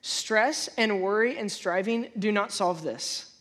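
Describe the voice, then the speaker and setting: Pastor delivering a lively sermon, mid-pitched voice, leaps upward when voicing doubts, stumbles and repeats words. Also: slow pace. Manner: animated, jumps high to act out inner voices; repeats and restarts words while preaching.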